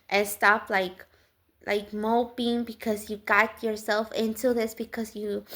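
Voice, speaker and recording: Woman doing an exasperated nagging preacher, slow and scolding. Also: fairly high pitch, a bit bright.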